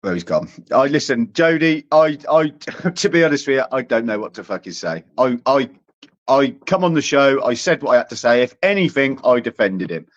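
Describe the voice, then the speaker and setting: A man's voice: medium pitch, sing-song, moderate pace. A man co-hosting a livestream panel who sounds defensive and stammers, repeating himself in a heated argument. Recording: dry, muffled stream audio.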